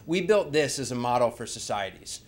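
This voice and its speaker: A man's voice: medium pitch, animated, brisk. A man presenting a slide talk, speaking conversationally and asking the audience rhetorical questions.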